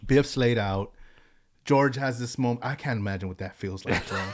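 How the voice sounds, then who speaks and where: A man's voice: medium pitch, normal speed, noisy background. A man co-hosting a podcast, casually retelling a movie scene with lots of "bro" and "like.". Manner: animated retelling, slangy with "bro" and "like". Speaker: podcast co-host. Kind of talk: casual movie rewatch chat.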